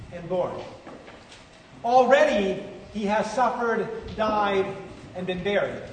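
A high-voiced man preaches slowly and emphatically, leaning on dramatic pauses. His voice rings through a large church hall with a long, echoing reverb. He stands well back from the microphone, with faint room ambience behind him. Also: slight background noise. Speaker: pastor. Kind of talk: sermon. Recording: echoey church hall, far-off mic.

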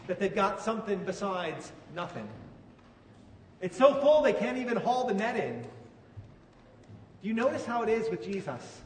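A man preaches a sermon with a high, light voice, talking to the congregation in plain conversational terms and asking questions. The sound carries a long reverb, and the mic sits some distance away. Faint room ambience hangs underneath. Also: a little hiss or hum. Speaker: pastor. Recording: echoey hall, mic from far off.

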